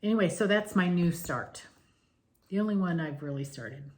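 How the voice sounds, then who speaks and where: Rambly woman chatting about her cross stitch, lowish voice, goes off on tangents. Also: lively intonation, normal speed, a little mellow. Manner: chatty, digressive storyteller. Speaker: flosstube co-host. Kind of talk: casual stitching chat.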